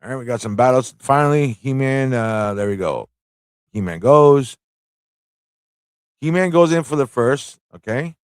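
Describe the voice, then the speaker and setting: A man hosting a live comic review stream, excitable, laughing and slangy as he reacts. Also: mid-range voice, measured pace, long pauses, clean tone, dry recording, clean studio sound. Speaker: host.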